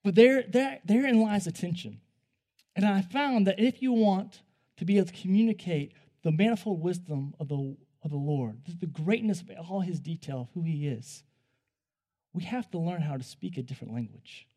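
A young man giving a conversational sermon, animated and joking, often restarting his sentences. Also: high voice, moderate pace. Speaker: preacher.

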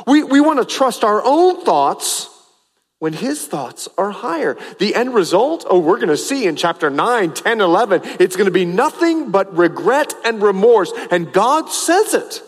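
Pastor guy preaching, high voice swinging all over, big hall echo. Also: very animated, measured pace. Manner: emphatic preaching with repeated phrases. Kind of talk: sermon.

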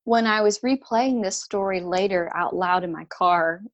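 A woman guest telling a candid personal story in conversation, animated, filling her talk with "like" and "you know". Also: medium pitch, moderate pace, dull audio. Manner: animated, acts out quoted people with raised voice; frequent "like" and "you know" fillers.

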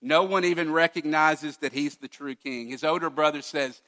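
A male pastor preaching a sermon with emphatic delivery, swinging from loud declarations to hushed asides. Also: a little high, moderate pace, hardly any pauses.

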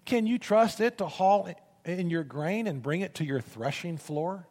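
A pastor delivers a sermon in a high voice that reaches above most men's. He reads scripture dramatically and climbs to loud, forceful bursts. His voice trails off in the long reverb of a large church sanctuary. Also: expressive, measured pace.

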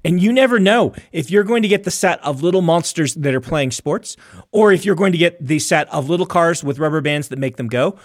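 A man co-hosting a podcast as an author, talking in a chatty, explanatory way with quick asides. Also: on the high side, expressive, dry recording, studio quality. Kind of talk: casual chat.

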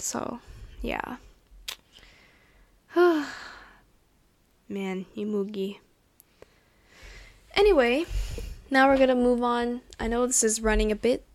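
A woman's voice: on the high side, no echo. Gushing woman podcast host, dry sound. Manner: gushing, excitable and chatty, with frequent laughs and fillers. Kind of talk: casual solo podcast chat. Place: at a table, indoors.

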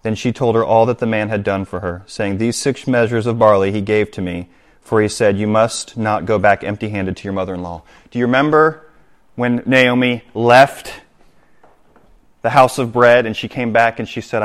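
At a normal speed and with a somewhat low voice, a male pastor delivers a sermon. He reads scripture aloud, then explains it and makes direct appeals to the congregation.

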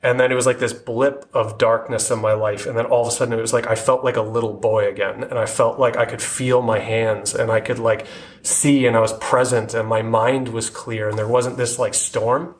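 A man telling his personal faith testimony in an earnest, halting way, often restarting his sentences. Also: medium pitch, little pitch movement. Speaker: guest sharing his testimony.

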